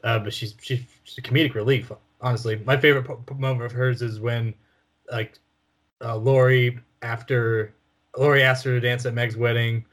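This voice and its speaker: A man's voice: mid-range voice, level tone, moderate pace, fairly bright tone. A man co-hosting a casual film podcast, enthusiastic and loose, calling his friend "dude" and "bro". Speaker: podcast co-host.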